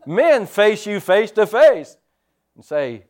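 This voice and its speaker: A male pastor preaches slowly in a voice that sits high and is very animated. He keeps it conversational, drops in many amens, and moves between quiet asides and loud emphatic points.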